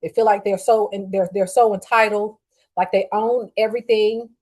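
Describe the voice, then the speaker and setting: A middle-aged woman hosting a show, telling a story in a casual, blunt and profane way with lively swings in her voice. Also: medium pitch, normal speed, poor audio. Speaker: podcast host.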